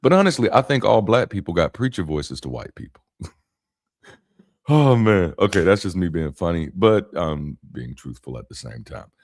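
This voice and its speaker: A man talking to camera in a casual spoken monologue, animated, with rhythmic emphasis and frequent restarts and asides. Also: low voice, moderate pace. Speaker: YouTube commentator.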